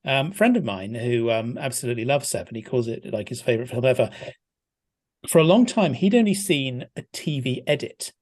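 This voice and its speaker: A man's voice: mid-range voice, very animated, fairly quick, a little mellow. A man guest discussing a film in a casual podcast chat, thoughtful and hesitant with frequent restarts.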